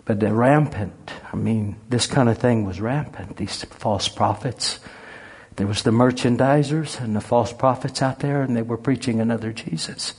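A man's voice: medium pitch, normal speed, a little mellow, husky. A man preaching a sermon, telling humorous stories in a folksy way. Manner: folksy, humorous, laughs at his own stories. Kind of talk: sermon with storytelling.

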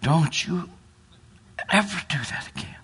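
A man doing a shrill scolding mother hen. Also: animated, unhurried, breathy edge, heavily acted. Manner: sharp high scolding.

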